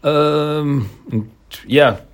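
A man's voice: on the high side, drawn-out words. A man casually recapping a comic book issue in a rambling, hesitant way, with many restarts and chuckles.

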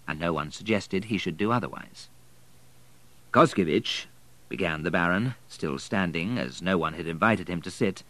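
Man reading an audiobook, low voice, very expressive, dry close mic. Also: no echo, rough recording. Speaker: narrator. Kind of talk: audiobook narration.

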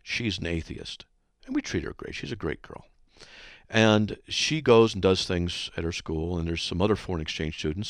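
Male radio host, low and dry, exhorting listeners with lively ups and downs. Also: no echo. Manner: earnest, exhorting. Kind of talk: Christian radio monologue.

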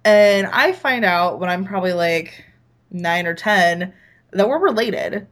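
A woman's voice: lowish voice, animated, measured pace, fairly bright tone. A woman co-hosting a podcast, telling a childhood story in a rambling, playful way. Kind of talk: casual chat.

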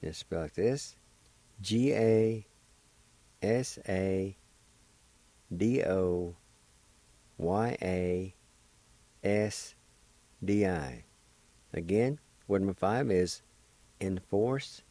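A man hosting a radio language lesson, patiently spelling words and sounding out syllables slowly, with encouraging words for learners. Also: low voice, mellow, dry recording. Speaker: radio language teacher and host. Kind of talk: slow step-by-step pronunciation lesson.

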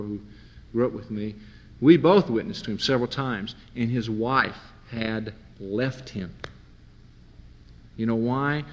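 A man telling stories from his youth in a sermon, acting out his friends' voices as he goes. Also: mid-range voice. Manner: animated storyteller, mimics friends. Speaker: preacher. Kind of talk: sermon with storytelling. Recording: long hall reverb.

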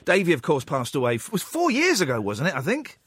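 A British radio host, talking to listeners in a chatty, excitable way. His voice sits high and swoops up and down as he talks. The studio sound is dry and close. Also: quick pace, husky, dry recording. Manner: chatty, excitable, laughs loudly. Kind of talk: casual radio chat.

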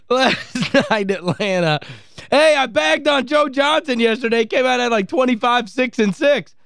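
A man's voice: very high voice, lively intonation, measured pace, vocal fry, fairly bright tone, no echo, studio quality. A man hosting sports talk radio, gleeful and mocking as he plays clips. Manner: gleeful, mocking, laughs often.

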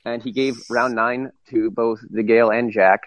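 A man telling a story in casual chat, halting and amused as he goes. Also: medium pitch, fairly even intonation, dry recording, low-quality recording. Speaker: podcast panelist.

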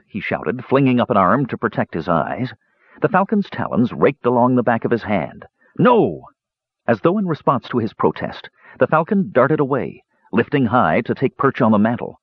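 Male audiobook narrator, low husky voice, lively pitch, dull dry recording. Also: dry recording. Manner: measured storytelling, lively pitch. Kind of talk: scripted fantasy narration.

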